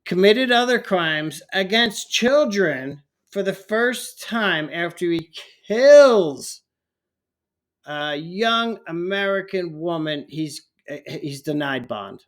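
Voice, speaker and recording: A man's voice: on the high side, lively intonation, slow pace. A man ranting heatedly in a political commentary vlog, often stumbling over his words.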